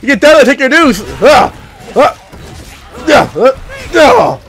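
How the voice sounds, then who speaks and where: A young man commentating his gameplay, excitable and profane, blurting sound effects as he plays. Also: extremely high pitch, measured pace, some chatter behind. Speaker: gaming commentator. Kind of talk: let's play commentary.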